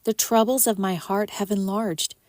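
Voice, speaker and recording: Woman reading bible passages aloud, mellow tone, dry close sound, steady and measured. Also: no echo. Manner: measured, lifts pitch for quoted speech. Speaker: podcast host reading scripture.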